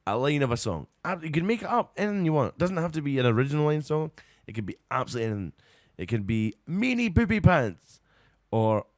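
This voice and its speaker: A man's voice: mid-range voice, darkish tone, no echo, studio quality. A Scottish man hosting a live radio stream in casual, rambling chat, often breaking into giggles, and a little tired. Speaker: radio show host.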